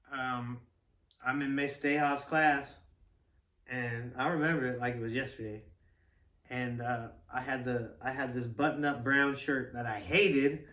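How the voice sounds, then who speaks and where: A man, a father and podcast host, telling stories in a casual, rambling, animated way, quick to laugh. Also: mid-range voice. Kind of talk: casual storytelling chat. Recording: roomy room with a distant mic.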